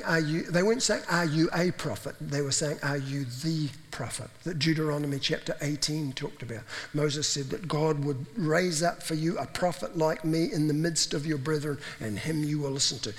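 A man's voice: fairly high pitch, a bit bright. A man preaching a conversational sermon, acting out the voices in the stories he tells. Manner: conversational, acts out quoted voices. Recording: long hall reverb.

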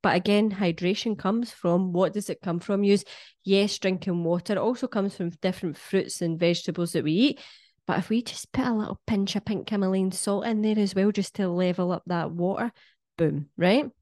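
A woman's voice: mid-range voice, moderate pace, a little mellow, dry recording, clean studio sound. Blunt, sweary Scottish woman. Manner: blunt, sweary and cheeky, lectures the listener directly. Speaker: wellness vlogger. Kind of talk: casual monologue to camera.

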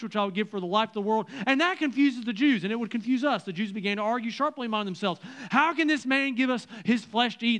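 Pastor, male, high-pitched, conversational sermon delivery with quiet hushed emphasis. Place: church service.

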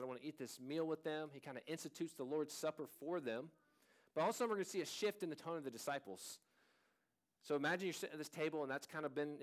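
Earnest, conversational male pastor preaching. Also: on the high side. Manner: conversational, earnest, with frequent restarts. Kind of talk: sermon.

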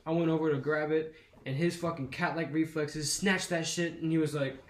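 A man's voice: fairly high pitch, fairly even intonation, normal speed. A young man telling a long, profane story on a casual podcast. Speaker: podcast host. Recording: echoey room with faint noise.

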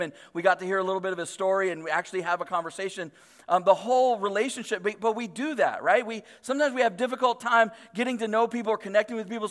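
A man in his thirties preaching in a loose, conversational way, his voice sitting a little high for a man. He strings his thoughts together with fillers and quick restarts. Long reverb from a large hall trails after each phrase. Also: a bit bright. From Northern California. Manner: chatty, filler-heavy, self-deprecating. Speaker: pastor. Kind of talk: casual storytelling sermon.

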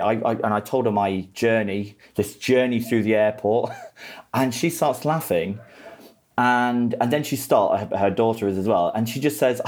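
A young man with a fairly low voice is telling a wild travel story in a loose, casual podcast chat. He laughs and swears his way through it and often trips over his own words as he restarts sentences. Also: normal speed, darkish tone.

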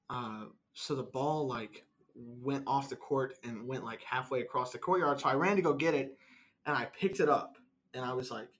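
Young male podcast co-host, mid-pitched voice, easygoing storyteller. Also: fairly bright tone. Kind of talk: casual chat.

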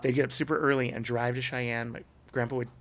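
A middle-aged man, a podcast guest, telling stories in a casual chat and acting out the people he quotes with big jumps in pitch. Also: level tone, quick pace.

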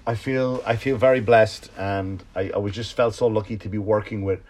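A man, a comedian and podcast host, telling a story in a casual, profane monologue that swings from loud outbursts to low mutters. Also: fairly even intonation, normal speed.

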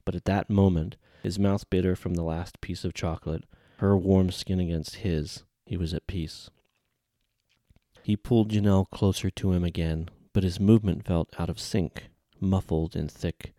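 Deep, dark-voiced male audiobook narrator. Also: fairly even intonation, moderate pace, no room sound, clean studio sound.

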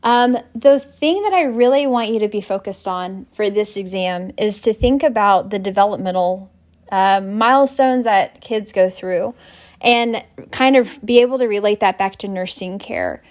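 A woman's voice: medium pitch, normal speed, darkish tone. A woman teaching nursing students in a conversational recorded lecture, talking with many fillers and restarts. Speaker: nursing instructor.

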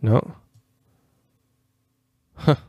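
A man's voice: extremely slow, no echo, highs cut off. A man in his thirties hosting a livestream show, talking casually in a rambling, self-correcting way. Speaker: host.

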